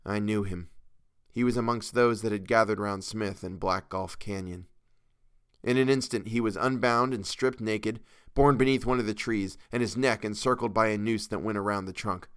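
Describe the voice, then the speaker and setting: A man reading a first-person tale aloud in a measured, earnest storytelling manner. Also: lowish voice, smooth, no echo, studio quality. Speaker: audiobook reader. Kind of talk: first-person audiobook narration.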